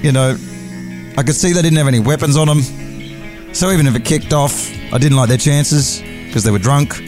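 A man's voice: a little high, fairly quick, over music. A man hosting a podcast, telling a rambling, profane comic story and correcting himself as he goes. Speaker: podcast host.

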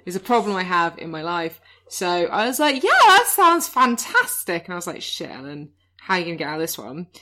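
A woman's voice: lowish voice, lively intonation, fast talker, a bit bright. A woman co-hosting a comedy chat podcast, chatty and self-mocking, slipping into silly voices for her stories. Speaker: podcast co-host.

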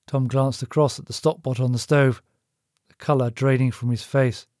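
A man's voice: mid-range voice, little pitch movement, moderate pace, darkish tone, dry recording, studio quality. Man narrating a serial story. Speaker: author and narrator. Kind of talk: scripted narration.

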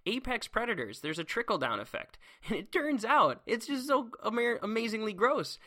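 A man who teaches science, talking in an excitable, rambling solo monologue full of restarts. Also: high-pitched, normal speed.

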